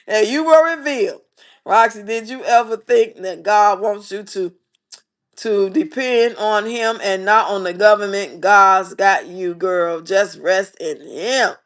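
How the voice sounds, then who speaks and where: A woman's voice: mid-range voice, unhurried. A middle-aged woman hosting a casual livestream, chatting playfully and reading viewers' comments aloud. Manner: lively, playful, talks straight to viewers. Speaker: livestream host.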